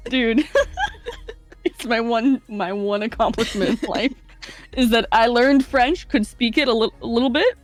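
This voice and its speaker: Young woman player, slightly high, joking, salty. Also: measured pace, pauses often. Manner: loud, joking, swears freely. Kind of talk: casual banter.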